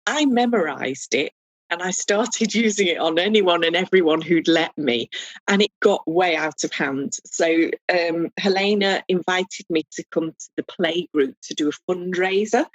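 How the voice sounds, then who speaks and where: A woman, a podcast guest, telling lively and humorous stories in a casual chat. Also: lowish voice, unhurried, no echo, low-quality recording. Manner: animated, humorous, acts out voices in anecdotes. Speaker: guest foot reader. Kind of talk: casual storytelling interview.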